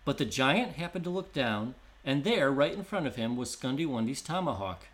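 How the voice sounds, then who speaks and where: Guy reading a folk story out loud, steady mid voice, calm measured pace. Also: medium pitch. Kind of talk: scripted storybook narration.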